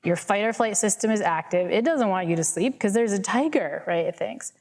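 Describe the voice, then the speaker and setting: A woman's voice: mid-range voice, a little fast, darkish tone. A woman professor answering an audience question in a casual, chatty way with many fillers, speaking to a live room on a microphone. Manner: chatty, self-deprecating, many "right?" and "like" fillers. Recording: reverberant hall.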